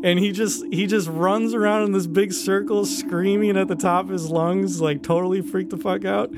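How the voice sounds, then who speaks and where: A man co-hosting a podcast, telling a wild story in a casual, animated way, laughing and swearing as he goes. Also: high voice, moderate pace. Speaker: podcast co-host. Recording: loud background ambience.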